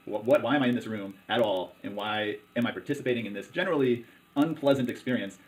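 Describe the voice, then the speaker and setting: Rapid-talking man, halting with fillers. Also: medium pitch, low-quality recording. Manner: halting, many fillers and restarts. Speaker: hospital district commissioner. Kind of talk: conversational interview.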